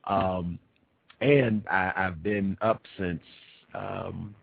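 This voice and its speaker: A tired man hosting a radio show, talking in an animated, emphatic way and repeating points for effect. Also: low voice, drawn-out words, gravelly, slightly rough, no room sound. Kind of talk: animated talk at a conference. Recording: tinny phone-like dry recording.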